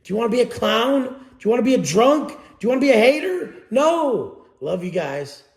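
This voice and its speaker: A man's voice: very high-pitched, very animated, moderate pace, creaky, a little mellow, roomy sound. A man giving a blunt, profane motivational talk as a coach, preaching to his audience.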